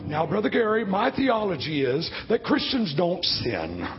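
A man in his fifties preaching a sermon, swinging from low, quiet talk to loud shouting. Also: wildly swooping pitch, unhurried. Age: 50s. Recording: dull lo-fi recording with faint music.

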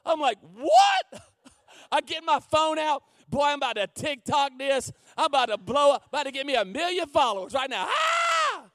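A man preaching a sermon as guest preacher, telling a comic story and swinging from hushed asides to shouting. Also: very high voice, a little fast, hardly any pauses, dry recording, studio quality.

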